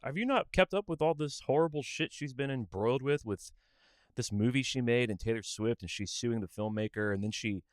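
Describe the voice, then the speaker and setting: A man's voice: mid-range voice, brisk, no room sound, studio quality. A man co-hosting a podcast, arguing his views in a casual but emphatic, preachy way. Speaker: podcast co-host. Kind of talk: casual opinionated chat.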